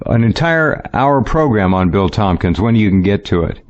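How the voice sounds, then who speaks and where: A man's voice: on the low side, animated, moderate pace. A man hosting a radio talk show, chatting casually and often repeating words as he starts a sentence. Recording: dull lo-fi audio.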